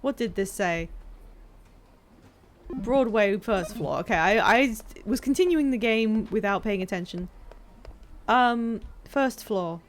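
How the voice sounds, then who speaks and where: A woman's voice: medium pitch, animated, slow, pauses often, slight background noise. A woman streaming a video game live, chatting and joking with her viewers as she plays. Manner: chatty, joking, talks to chat while playing. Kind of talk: casual live-stream gameplay commentary.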